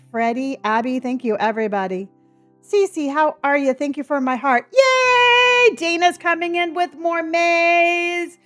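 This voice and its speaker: A middle-aged woman chatting casually with viewers on a live stream, bubbly and talkative, greeting and thanking them by name. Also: high-pitched.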